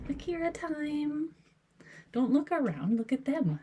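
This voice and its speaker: A woman voicing an attention-hungry young male cat who thinks he is the star, in drawn-out, self-important words. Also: high voice, sing-song, mellow, pitched above the performer's own voice.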